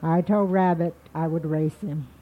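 A woman's voice: low-pitched, steady tone, a little slow. A woman voicing a grumpy but patient male turtle who speaks plainly. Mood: steady. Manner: reluctant, plain-spoken. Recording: tinny phone-like line.

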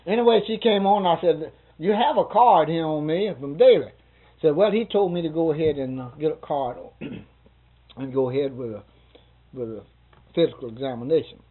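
Husky older man, tinny recording. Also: a little high, normal speed. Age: 60s. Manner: rambling, chuckling, folksy retelling with quoted dialogue. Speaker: interviewee. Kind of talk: casual storytelling.

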